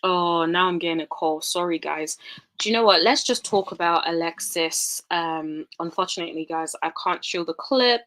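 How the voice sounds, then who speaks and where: A young woman giving casual, rambling reality TV commentary, talking straight to her viewers with animated, dramatic exclamations. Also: fairly low pitch, moderate pace.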